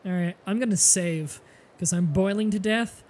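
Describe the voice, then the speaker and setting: A man's voice: sits high, normal speed. A young man with a Southern Ontario Canadian accent, chatting casually and laughing easily while he streams a game. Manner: chatty, lively, laughs easily, explains at length. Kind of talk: casual gaming commentary.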